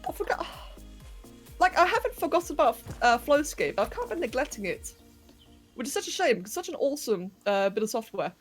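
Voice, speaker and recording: A young woman streams a game from her bedroom and chats easily with her viewers. She giggles often and keeps up a running commentary as she builds. Her voice sits a little high, with soft music playing behind. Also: big pitch swings, fairly quick. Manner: chatty and giggly, chatting to viewers while working. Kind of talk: casual livestream chat while playing a game. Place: home bedroom.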